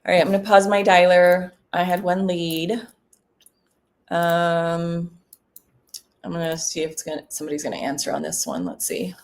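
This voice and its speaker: A woman real estate broker chatting casually in a vlog between cold calls, relaxed and full of ums. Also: on the low side, normal speed.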